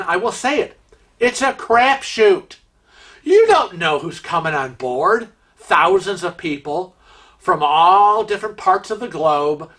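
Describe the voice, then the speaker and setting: A man's voice: on the high side, pushed and bright. A man hosting a cruise vlog, telling a story in an exasperated, rhetorical rant full of fillers and restarts. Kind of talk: storytelling monologue.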